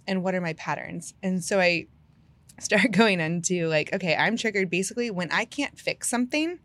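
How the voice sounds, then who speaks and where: A woman telling a personal story in a casual podcast chat, animated and full of "like" fillers, laughing often. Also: fairly low pitch, moderate pace, no room sound.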